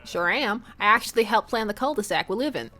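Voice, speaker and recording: A woman's voice: mid-range voice, animated, brisk, pushed and bright. Woman doing a drawling Southern bear dad. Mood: laid-back. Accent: put-on fake Southern US accent. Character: burly, easygoing male bear dad, a competitive contractor.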